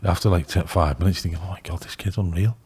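A middle-aged man with a Liverpool accent, telling rambling, excitable stories in a casual podcast chat. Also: sits low, fast, slightly rough. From England. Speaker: youth football scout.

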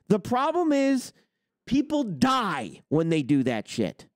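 A man's voice: very high voice, sing-song, moderate pace, no room sound, studio quality. A man hosting a trucking business show, ranting on a livestream and firing off rhetorical questions. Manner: argumentative, fires off rhetorical questions. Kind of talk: livestream rant.

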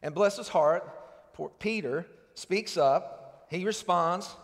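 Man, pastor, high voice, earnest conversational sermon, long church reverb. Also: slow. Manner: earnest, conversational preaching with rhetorical questions. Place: church sanctuary.

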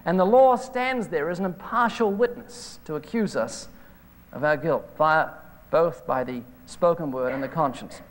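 A man preaching a sermon and telling stories about phone calls, full of animated retellings. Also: fairly high pitch, normal speed. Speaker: evangelist preacher. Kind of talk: sermon with anecdotes. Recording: hall reverb from an old videotape.

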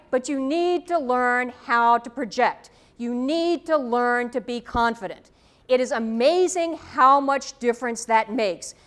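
A woman lecturer giving a university talk, telling stories and checking in with a frequent "okay?". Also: high-pitched. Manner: lively anecdotal storytelling with frequent "okay?". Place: lecture hall. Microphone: tethered microphone.

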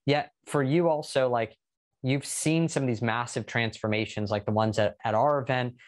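A man's voice: medium pitch, steady tone, moderate pace, slight background noise. A man hosting a podcast, chatting in an upbeat, conversational way and asking long questions. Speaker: podcast host, interviewer. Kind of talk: casual interview talk.

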